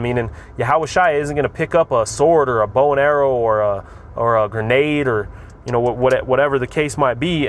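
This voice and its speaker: A man with a mid-range voice teaches scripture in a loose, conversational way. He reads verses aloud, then explains them, often repeating words and adding "man" and "all right." Faint urban traffic hums behind him. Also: medium pitch. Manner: informal, repetitive, frequent "man" and "all right". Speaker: religious teacher.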